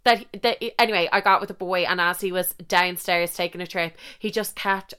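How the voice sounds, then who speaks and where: A woman's voice: lowish voice, steady tone, normal speed, bright, forceful tone, smooth. A young Irish woman in her twenties telling a rambling story in a casual monologue, swearing freely and interrupting herself.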